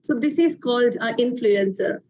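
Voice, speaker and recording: High-voiced woman hosting a motivational show. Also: lively intonation, moderate pace, a little mellow, highs cut off. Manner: emphatic, repeats phrases. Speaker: TV show host. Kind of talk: motivational storytelling introduction.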